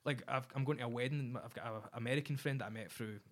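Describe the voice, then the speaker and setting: A man's voice: mid-range voice, quick pace. A young Scottish man from Paisley in casual chat, telling stories with frequent laughs. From Paisley, Scotland. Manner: chatty storyteller, laughs often, acts out quotes.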